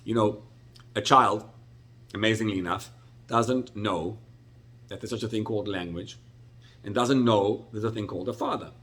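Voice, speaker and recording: A middle-aged man, a rabbi, teaching a Torah class with animated, expressive storytelling and sudden jumps in pitch. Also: moderate pace, long pauses.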